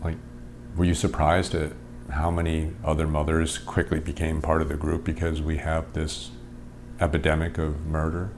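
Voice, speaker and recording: Very deep-voiced male interviewer, faint noise. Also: completely flat delivery, normal speed. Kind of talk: news interview.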